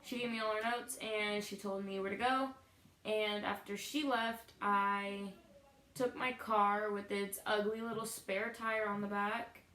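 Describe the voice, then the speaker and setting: A woman's voice: medium pitch, fairly bright tone, roomy sound, rough recording. A young woman vlogging a self-deprecating story about her day, acting out what people said. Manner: self-deprecating, acts out quotes. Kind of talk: storytelling vlog.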